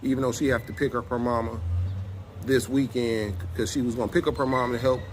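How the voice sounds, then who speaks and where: A middle-aged man, telling a personal testimony in casual, animated speech and acting out both sides of an argument. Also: medium pitch, fast, a little hiss or hum. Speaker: self-styled apostle telling a personal testimony.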